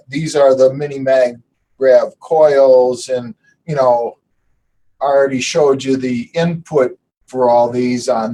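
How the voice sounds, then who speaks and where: A man's voice: mid-range voice, dark tone, rough recording. A man from the Detroit area, taking part in an online group call, talks in a friendly, polite and rambling way as he shows his projects. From Detroit area, United States. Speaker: participant showing his projects. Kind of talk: casual group video call.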